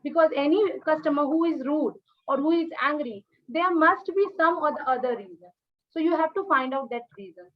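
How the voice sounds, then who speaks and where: A woman with an Indian English accent and a high voice gives coaching feedback after a mock interview. She explains model answers step by step and often checks in with "okay?". The audio is muffled and lo-fi. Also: lively intonation, brisk. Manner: instructive, repeats points with "okay?" checks.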